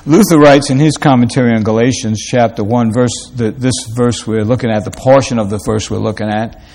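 A male pastor delivers a sermon at a mid-range pitch. He leans on rhetorical questions and climbs to forceful emphasis, and he slows for his stressed phrases but hurries through the asides. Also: fairly even intonation. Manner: preaching with rising emphatic peaks and rhetorical questions; quick asides between slow, stressed phrases.

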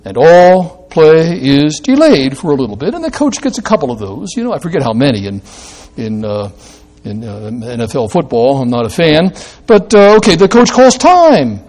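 Animated high-voiced male preacher. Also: moderate pace. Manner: teaching with rhetorical questions and wry asides; animated, swings between loud emphasis and quiet low drops. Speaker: pastor. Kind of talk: sermon.

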